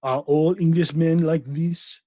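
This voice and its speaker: A man reading aloud, voicing a calm, cooing, melancholy French actress in a soft, unhurried way and without a French accent. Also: on the high side, no room sound, pitched above the performer's own voice, natural voice. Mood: cool, cooing.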